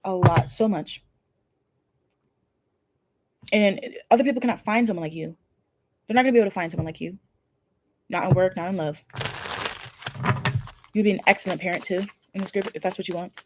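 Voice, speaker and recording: A woman's voice: mid-range voice, quick pace, pauses often, noisy background. A woman giving a casual pick-a-card tarot reading, effusive and emphatic, with casual swearing. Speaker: tarot reader.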